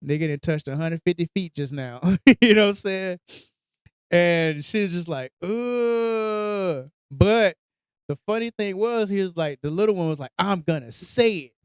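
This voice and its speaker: Animated man telling a funny story. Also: high voice, normal speed, smooth, dry recording, clean studio sound. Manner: animated storyteller, acts out voices, laughs often. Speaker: podcast host. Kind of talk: casual storytelling chat.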